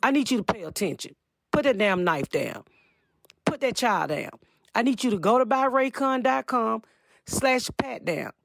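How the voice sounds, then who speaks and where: A woman reading a sponsor ad in a bossy, joking sales-pitch manner. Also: expressive, moderate pace, vocal fry, dry recording. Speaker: host reading an ad. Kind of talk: ad read.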